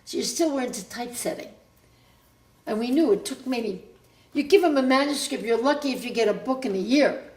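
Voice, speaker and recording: An older woman with a high voice tells family stories to her grown child in a loose, meandering way, circling back and correcting herself as she goes. The sound is roomy and echoey, as if recorded in an open room at home. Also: expressive, fairly quick, a little mellow. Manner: rambling, self-interrupting storyteller. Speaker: mother recounting family history. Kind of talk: casual family reminiscence.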